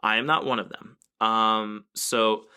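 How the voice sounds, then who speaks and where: A man's voice: lowish voice, flat delivery, measured pace, bright, forceful tone, clean tone. A man co-hosting a casual game review podcast, explaining at length with fillers and restarts. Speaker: podcast co-host.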